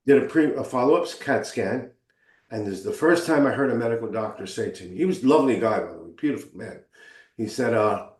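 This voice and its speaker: A man of ordinary pitch tells his own story as an interview guest, earnest and openly emotional. He slips into the voices of the people he quotes. The room gives his voice a noticeable echo. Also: lively intonation, a little fast. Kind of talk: storytelling in conversation. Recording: roomy echo.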